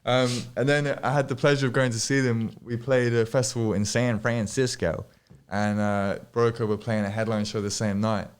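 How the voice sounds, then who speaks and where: A man's voice: medium pitch, steady tone, normal speed, clean tone. A man who is a guest DJ, chatting casually and rambling through anecdotes, swearing freely. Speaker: podcast guest DJ. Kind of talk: casual chat.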